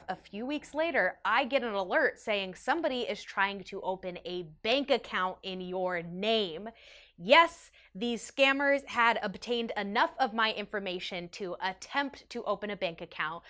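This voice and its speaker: A young woman chatting to the camera in a storytime vlog, her voice at a middle pitch. She talks in an animated, self-mocking way and leaps higher whenever she acts out what someone said. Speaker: YouTube storyteller.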